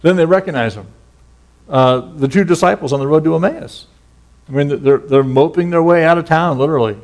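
A middle-aged pastor speaks briskly in a voice that runs a little high. His sermon is relaxed and conversational, rich in folksy stories and casual asides.

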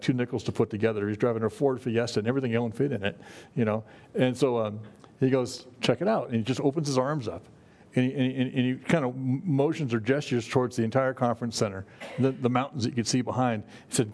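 A man's voice: mid-range voice, steady tone, fast talker, a little mellow. A middle-aged man preaching a sermon to a congregation in a conversational way, often restarting his phrases. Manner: conversational, with frequent restarts and "you know". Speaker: pastor.

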